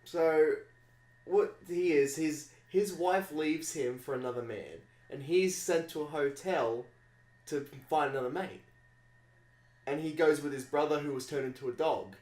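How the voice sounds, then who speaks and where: A man's voice: fairly high pitch, a little slow, a little mellow, echoey room. A man on a podcast explaining a film plot in an easygoing, hesitant way. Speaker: podcast co-host.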